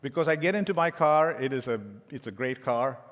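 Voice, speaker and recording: A man's voice: mid-range voice, fairly quick, a bit bright. Middle-aged man, keynote talk, anecdotal and joking, long hall reverb. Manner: anecdotal and joking, with frequent restarts. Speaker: tech executive giving a keynote.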